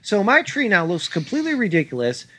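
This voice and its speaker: A man co-hosting a comedy podcast, telling a story in an exasperated, swearing, animated way. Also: high voice, fast. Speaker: podcast co-host. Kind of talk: casual chat, ranting story.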